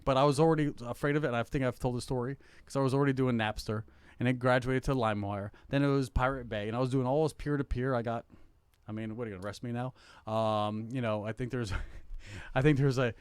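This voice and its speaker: A middle-aged man talking casually on a podcast, his voice smooth and resonant. The sound is dry and close, with no room echo. He rambles, stacking fillers and restarting his sentences. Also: medium pitch, steady tone, quick pace. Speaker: podcast co-host. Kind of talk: casual chat.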